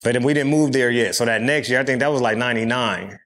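A man's voice: medium pitch, quick pace, a bit bright. A middle-aged man from California, a rapper telling stories in a casual interview with loose, profane street talk and frequent fillers.

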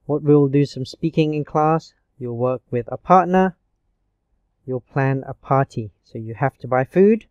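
A man teaching a grammar lesson online, explaining slowly and patiently with frequent checks of "okay". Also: a little high, darkish tone, no echo, lo-fi sound. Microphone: screencast recording mic.

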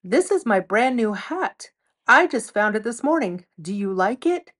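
Woman doing a happy-go-lucky ox, sing-song, unhurried. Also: on the high side, sing-song, a bit bright, exaggerated voice. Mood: cheerful. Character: cheerful, easygoing ox proud of his hat.

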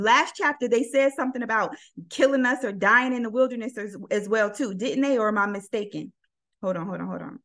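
A woman leading a casual Bible study, reading verses aloud and calling on the group to help. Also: mid-range voice. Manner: animated, reading scripture aloud and asking the group.

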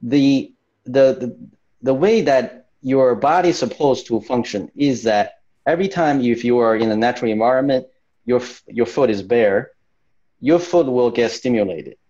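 A man's voice: mid-range voice, moderate pace, mellow, dull audio. A man, a fascia coach, answering an interview question earnestly over a video call, often repeating words as he finds his phrasing. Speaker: fascia training coach, guest.

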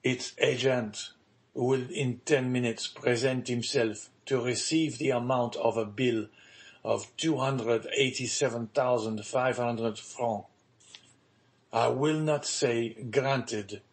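A man voicing an aging, ruined father who speaks slowly and gravely in an audiobook reading. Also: medium pitch, fairly even intonation. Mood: measured. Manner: slow, grave, measured pleading.

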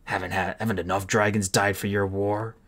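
A man's voice: on the low side, flat delivery, fairly quick, a bit bright. A man voicing a defiant, wounded male ice dragon who speaks strained through pain.

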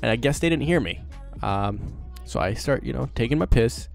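A man's voice: medium pitch, animated, normal speed, vocal fry, soft background music. A teenage boy telling a story casually to camera as a vlogger, rambling and swearing with lots of fillers.

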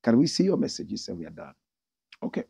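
Ghanaian male host, husky and gravelly, swinging pitch, dry close sound. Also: brisk, no room sound. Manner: animated, reads viewer comments aloud in a pitched-up voice. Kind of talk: casual livestream talk.

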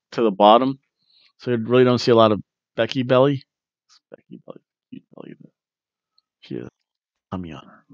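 A man's voice: mid-range voice, no room sound, muffled recording. Jokey man rambling through a wrestling recap. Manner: jokey, breaks into chants and sing-song bits. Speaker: podcast host reviewing wrestling.

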